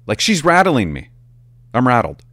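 A man, a former police officer telling stories in a casual, animated and profane way. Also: medium pitch, normal speed, no room sound. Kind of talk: casual storytelling to camera.

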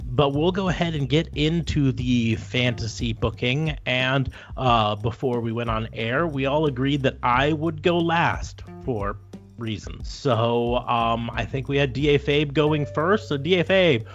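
A man's voice: mid-range voice, measured pace, highs cut off. Casual American male podcast host, playful and offhand, faint music bed. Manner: jokey, loose, with many fillers.

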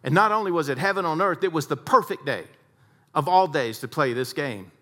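A man speaking to a group, telling a story with great drama and a message of faith. His voice sits fairly high for a man. He swings from loud, lively stretches to hushed, quiet ones. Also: brisk. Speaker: speaker, sports psychologist.

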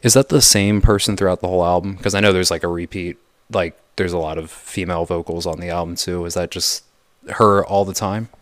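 A man's voice: low voice, fairly even intonation, brisk, no echo. A young man co-hosting a casual podcast, rambling onto tangents and interrupting himself. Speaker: podcast co-host.

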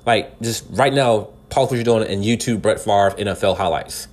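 A man from California delivering casual spoken commentary in a somewhat low voice. He talks earnestly and directly to the listener, piling up rhetorical questions, restarting and repeating words as he works through his thoughts. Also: normal speed, darkish tone. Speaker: podcast commentator.

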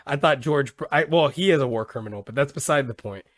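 Rambling, cussing young podcast host. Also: male voice, medium pitch, fast talker, fairly bright tone, no room sound, studio quality. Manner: rambling, swears a lot, says dude. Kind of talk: casual chat.

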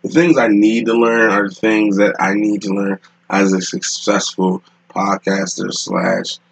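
A man's voice: on the low side, flat delivery, unhurried, creaky, low-quality recording. A man hosting a podcast, telling a rambling, profane story in casual talk, often laughing, recorded in a room at home. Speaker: podcast host.

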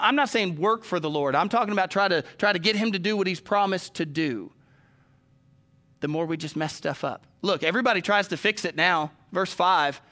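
High bright-voiced male preacher. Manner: storytelling, addresses congregation directly. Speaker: pastor. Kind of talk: sermon.

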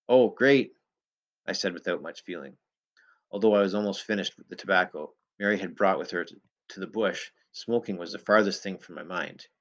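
Guy narrating an audiobook, lowish voice, steady pace, sometimes repeats a word. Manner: steady storytelling with occasional repeated words. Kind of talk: first-person novel reading.

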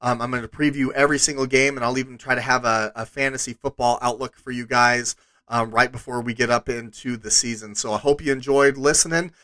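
Man hosting a solo podcast, casual and rambling, bright tone, dry close sound. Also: medium pitch, fairly even intonation, a little fast, no room sound. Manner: casual, rambling with frequent restarts. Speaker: podcast host. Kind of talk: solo sports podcast commentary.

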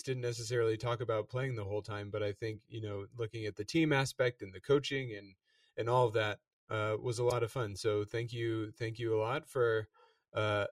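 A man's voice: mid-range voice, dry recording, clean studio sound, far from the mic. A man hosting a casual chat, easygoing and full of fillers, thanking his guest. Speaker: podcast host.

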